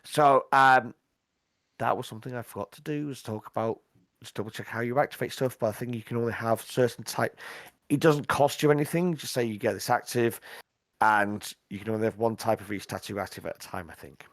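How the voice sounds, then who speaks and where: A man narrating as game master, hesitant and full of pauses. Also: mid-range voice, fairly bright tone, no echo, studio quality. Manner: hesitant, full of ums and restarts.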